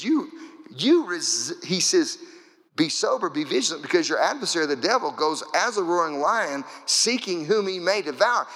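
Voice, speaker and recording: A man preaching a sermon in a church, his slightly high voice bright and forceful. He drives his points home with rhythmic, repeated phrases. The sound rings with the long reverb of a large hall. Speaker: pastor.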